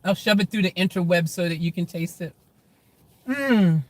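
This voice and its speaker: A man's voice: sits high, normal speed, a little mellow. A man chatting casually to viewers on a phone livestream from inside his car, laughing often.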